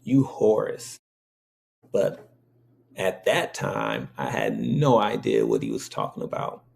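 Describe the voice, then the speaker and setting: A man with an extremely deep, heavily gravelly voice tells a personal story in a casual, rambling way. He speaks slowly and keeps checking in with his listener. His pitch swings widely even though the voice stays low. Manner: rambling, frequently checks in with "okay?".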